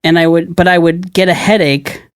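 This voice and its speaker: A man's voice: on the high side, steady tone, normal speed, smooth, no echo, clean studio sound. A man co-hosting a podcast, musing in casual chat and often searching for words. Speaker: podcast co-host.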